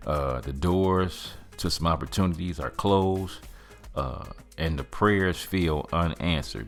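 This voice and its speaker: A man hosting a podcast, giving an earnest faith-based motivational talk in casual speech, slowing down to stress key phrases. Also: a bass voice. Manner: earnest, preachy, colloquial with "man" and "fam". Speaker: podcast host.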